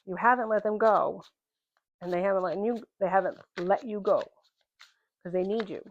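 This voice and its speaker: A woman tarot reader gives a reading straight to the viewer, direct and plain-spoken, calling them "man" and "honey." Her mid-range voice moves at a moderate pace, and the audio sounds tinny, like a phone.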